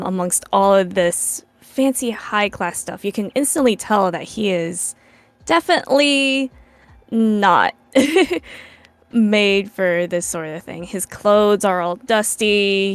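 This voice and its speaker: Relaxed woman describing her character. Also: mid-range voice, dry recording. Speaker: player. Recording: dry close mic over faint music.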